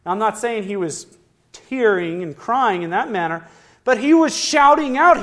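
Preacher, man, high voice; questions the congregation, booms out scripture slowly. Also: sing-song, fairly bright tone. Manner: slow, declaring rise on scripture quotes; asks the listeners questions. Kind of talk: sermon.

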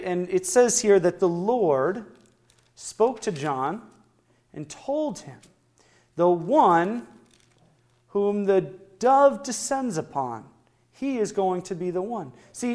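A man preaching a sermon, asking his listeners questions and slowing into loud, declaring scripture quotes. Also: high voice.

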